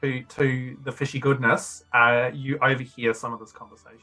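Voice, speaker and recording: A man's voice: medium pitch, level tone, normal speed, bright, forceful tone, faint music behind. A man narrating a tabletop game as game master, playful and descriptive.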